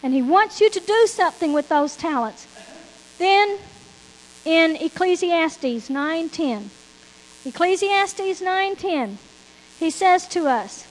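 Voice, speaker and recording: A woman's voice: very high voice, animated, slow, in a large hall, rough recording. A woman preacher delivering a sermon, emphatic and repetitive, often quoting scripture.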